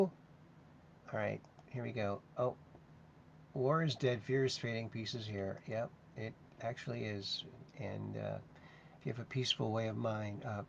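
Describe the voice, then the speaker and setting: A man with a gravelly, middle-pitched voice hosts a casual livestream. He chats easily and reads viewer comments aloud in a sing-song voice. The recording is dull and lo-fi, with a faint hiss behind him. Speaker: host. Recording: dull lo-fi sound with faint noise.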